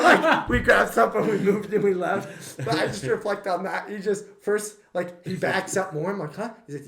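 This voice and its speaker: A man's voice: high voice, fairly bright tone. A young man co-hosting a casual podcast, telling funny stories and laughing often as he goes. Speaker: podcast co-host. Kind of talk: casual storytelling chat. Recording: roomy, echoey room.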